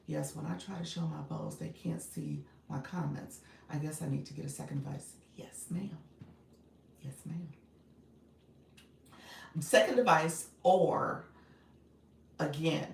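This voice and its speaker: A woman with a Chicago accent coaches viewers on a casual livestream, chatty and quick to laugh. Her voice sits low and carries some gravel. The sound is roomy and a bit distant from the mic. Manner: chatty, greets viewers by name, laughs often. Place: home setup with phone on a stand. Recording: echoey room, mic at a distance, faint noise.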